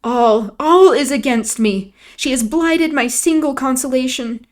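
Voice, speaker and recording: A woman's voice: high voice, unhurried, voice pushed up. A woman reading aloud, voicing a tearful, infatuated young girl who pleads in a raised, wounded voice.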